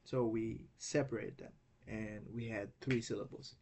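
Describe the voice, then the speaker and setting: A man teaching a recorded language lesson who spells words out slowly and patiently, often checking in with "okay?". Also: on the low side, steady tone, a little mellow, a little hiss or hum. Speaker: Greek teacher.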